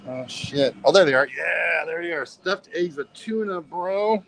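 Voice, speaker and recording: A man's voice: a little high, steady tone, a little slow, creaky, slight background noise, low-quality recording. An American man vlogging while out walking, rambling casually and saying "bro" at the end of nearly every line. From United States. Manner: rambling, says "bro" constantly. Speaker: travel vlogger. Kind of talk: casual vlog chat. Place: outdoors and in a mini market by a beach.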